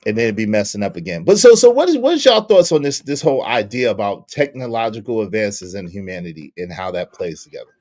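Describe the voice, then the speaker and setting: Animated man hosting a livestream. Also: on the low side, quick pace, few pauses. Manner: animated, acts out quotes with changing voices. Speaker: livestream talk show host. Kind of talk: casual panel chat.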